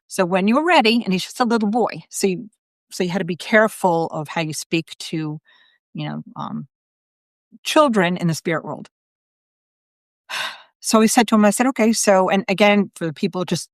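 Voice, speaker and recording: Middle-aged psychic medium lady chatting on a live stream, lowish voice, dry close sound, lots of "i'm like" asides. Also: no room sound. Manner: chatty, full of asides and quoted self-talk. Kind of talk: casual live-video storytelling.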